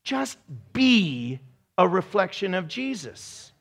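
A man preaching a sermon to a room, energetic and animated, breaking into shouts and laughs. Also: high voice, takes it slowly, creaky. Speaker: pastor. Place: church room with congregation.

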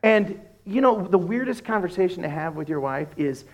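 High-voiced man preaching with humor. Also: moderate pace, lo-fi sound. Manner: animated, humorous storytelling that acts out dialogues in a lowered voice. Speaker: pastor. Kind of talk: sermon.

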